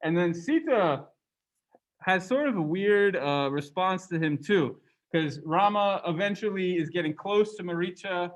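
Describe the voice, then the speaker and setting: A man's voice: high voice, lively intonation, a little slow, low-quality recording. Casual man lecturing a class. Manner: casual, conversational, asks students questions; reads passages aloud from the book. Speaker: religious studies lecturer.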